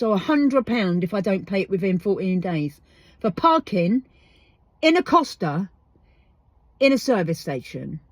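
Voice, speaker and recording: A woman's voice: medium pitch, dry recording. A woman hosting a podcast, ranting about a parking ticket, swearing freely and firing off rhetorical questions, recorded inside a parked van. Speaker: podcast host. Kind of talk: casual ranting monologue.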